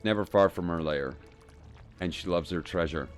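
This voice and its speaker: Casting: low-voiced man voicing a petulant, spoiled female filth demon queen from a video game. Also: normal speed, faint music behind, close to an everyday voice. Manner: petulant, reading game dialogue aloud.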